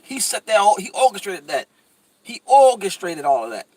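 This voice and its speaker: A man with a high, light voice holding forth in casual podcast talk. He is emphatic and repetitive, stacking restarts and stutters as he tells a story and heats up. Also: big pitch swings, moderate pace, a little mellow, no room sound, low-quality recording. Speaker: podcast co-host. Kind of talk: casual conversational commentary.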